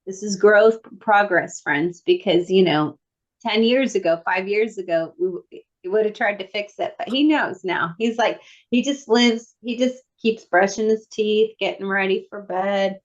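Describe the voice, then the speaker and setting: A woman co-hosting a podcast, telling a story in lively, playful self-mockery. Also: mid-range voice, moderate pace, dull audio. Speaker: podcast co-host. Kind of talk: casual chat.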